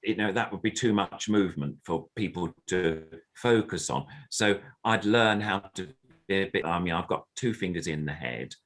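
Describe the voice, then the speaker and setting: Speaking at a moderate pace in a low, slightly bright voice, an older man talks about his long career in puppetry. He's interviewed over a video call and now and then slips into small puppet voices.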